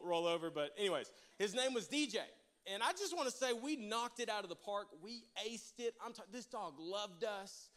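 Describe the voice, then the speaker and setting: In church, a pastor with a high, light voice tells a funny personal story, trading plenty of back-and-forth with the congregation. He starts out animated and playful, then settles into earnest exhortation.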